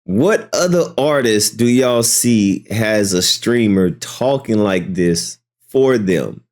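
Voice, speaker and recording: Male streamer, low-voiced and unhurried, incredulous and mocking as he reacts. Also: animated, darkish tone. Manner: incredulous, mocking, swears freely. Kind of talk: casual reaction commentary.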